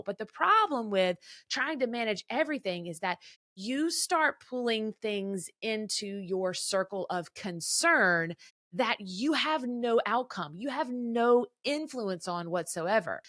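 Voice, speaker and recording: A woman in her thirties talking to listeners in a casual, chatty advice style, animated and laughing easily. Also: fairly high pitch, measured pace, dry recording, studio quality. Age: 30s. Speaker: podcast host.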